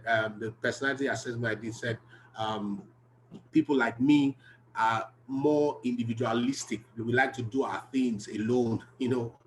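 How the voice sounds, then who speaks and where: A man's voice: medium pitch, a little hiss or hum, low-quality recording. A man giving an earnest, emphatic self-help talk, repeating key phrases to drive them home. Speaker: behavioral health speaker.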